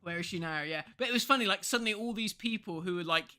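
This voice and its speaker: A man's voice: high-pitched, fast talker. A man in his thirties from England, co-hosting a casual podcast chat and telling stories, acting out the people he quotes. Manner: animated storyteller, acts out quoted people. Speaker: podcast co-host.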